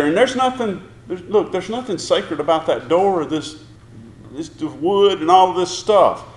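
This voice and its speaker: Lively, high-voiced preacher in a roomy church. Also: male voice. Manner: preaching, asks the congregation questions and acts out prayers. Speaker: pastor. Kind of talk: sermon. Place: church sanctuary.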